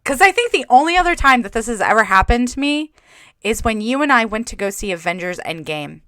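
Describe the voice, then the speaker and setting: A woman hosts a casual podcast chat, her voice high and ranging widely as she tells a story. She swears a lot and speaks with animated energy. The sound is close and dry, with no room around it. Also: a little fast, dry recording. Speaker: podcast host.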